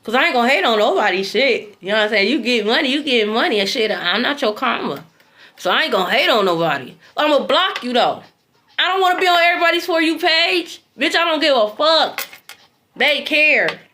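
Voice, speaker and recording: Brash, high-voiced tarot reader woman. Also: a little fast. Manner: blunt, profane, animated. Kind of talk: casual tarot reading livestream.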